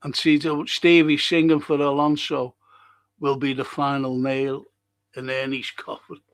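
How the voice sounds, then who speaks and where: An older man hosts a live podcast, reading viewer comments and swearing freely as he rambles passionately. His mid-range voice stays level and unhurried.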